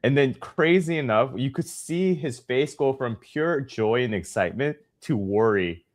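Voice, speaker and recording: A man's voice: mid-range voice, lively intonation, unhurried. A man co-hosting a casual sports podcast, easygoing, telling stories about games with frequent chuckles. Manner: easygoing storyteller, chuckles while recounting. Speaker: podcast co-host.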